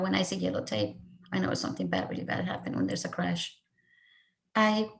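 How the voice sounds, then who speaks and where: Woman, middle-aged, from Mexico, emotional personal testimony, earnest, mid pitch. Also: creaky. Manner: earnest, emotional, voice rising and falling with feeling. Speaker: speaker sharing her story.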